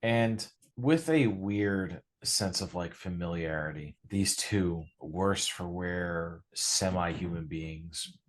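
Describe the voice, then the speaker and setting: A man narrating a tabletop horror game as game master, in a loose, drawn-out way with many fillers. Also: low-pitched.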